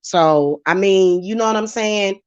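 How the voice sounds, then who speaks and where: A woman vents straight at her viewers with a steady stream of profanity, her voice at an ordinary middle pitch. The sound is dull and lo-fi, with a dry, close feel and no room echo. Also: measured pace, smooth. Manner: profane, heated, talking straight at commenters. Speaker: channel host and spiritual reader. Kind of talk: live-stream rant to viewers.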